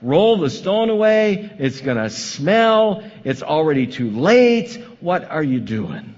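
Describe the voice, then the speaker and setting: A man's voice: a little high, sing-song, takes it slowly, darkish tone, full character voice. A man voicing an exasperated biblical woman who pleads in disbelief, heard in an echoey hall on a dull, lo-fi recording. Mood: incredulous. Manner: incredulous, pleading. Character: exasperated biblical woman protesting to her lord.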